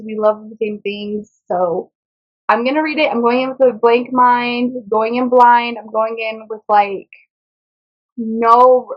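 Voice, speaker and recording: A woman with a slightly high voice chats loosely through a book haul, rambling and stumbling over names. The recording sounds a little dull and lo-fi. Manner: chatty, rambling, trips over titles and names. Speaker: book vlogger. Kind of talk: casual book haul chat.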